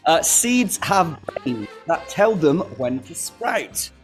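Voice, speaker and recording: A man's voice: a little high, sing-song, takes it slowly, soft background music. Chatty man on school radio. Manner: chatty, laughs often, restarts a lot. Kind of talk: casual radio chat.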